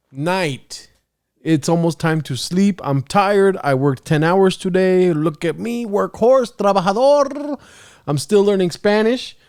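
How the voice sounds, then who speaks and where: A young man chats on his own podcast, with a voice pitched a little higher than most men's. He rambles from one thing to the next, pokes fun at himself and breaks into laughter often. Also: dark tone, clear, resonant tone. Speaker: podcast host. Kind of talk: casual solo podcast chat.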